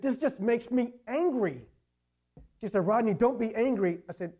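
A man's voice: sits high, gravelly, a little mellow. A man preaching a sermon in a conversational way, full of "you know" fillers and repeated phrases. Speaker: pastor.

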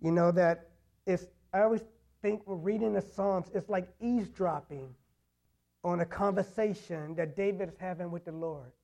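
A man's voice: high voice, normal speed, gravelly, dark tone. A man preaching a sermon in a conversational way, full of "you know" fillers and repeated phrases. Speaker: pastor.

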